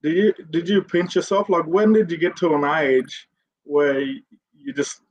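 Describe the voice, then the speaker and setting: A man's voice: fairly high pitch, normal speed, highs cut off. An Australian man hosting a podcast, asking questions in an easygoing, chatty way. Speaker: podcast host. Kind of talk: casual interview chat.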